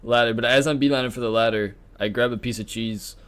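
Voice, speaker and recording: A man's voice: medium pitch, steady tone, quick pace, a bit bright, a little hiss or hum. A man playing a tabletop game, easygoing and thinking aloud about his moves. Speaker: player. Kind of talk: casual tabletop play.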